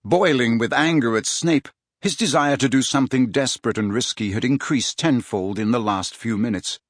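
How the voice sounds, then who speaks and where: A man narrating an audiobook in an expressive, dramatic reading style. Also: mid-range voice, normal speed, no room sound, clean studio sound. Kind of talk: scripted storybook narration.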